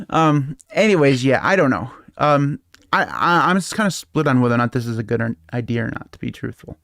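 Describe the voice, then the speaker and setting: A podcast co-host rambles casually through tech talk, chuckling often between points. His mid-range voice is expressive, creaky and fairly bright, a little fast, captured in clean studio sound with no room tone.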